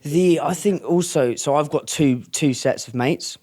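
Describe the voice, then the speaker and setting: A man's voice: fairly high pitch, unhurried, a little mellow. A man hosting a podcast, telling stories in a rambling, casual way, swearing freely and restarting his sentences often. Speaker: podcast host.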